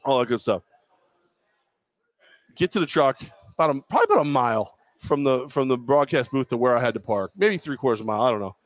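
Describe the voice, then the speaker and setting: A man's voice: medium pitch, lively intonation, fast talker, no room sound. A man co-hosting a live podcast, telling a long self-deprecating story in casual chat. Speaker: podcast co-host. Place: bar or venue, live show.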